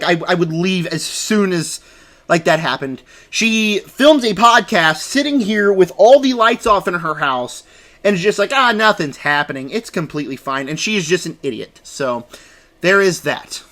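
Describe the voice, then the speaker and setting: Bright, high-voiced young man reviewing movies. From United States. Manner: animated, rambling, acts out scenes in quick impressions. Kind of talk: casual movie review vlog.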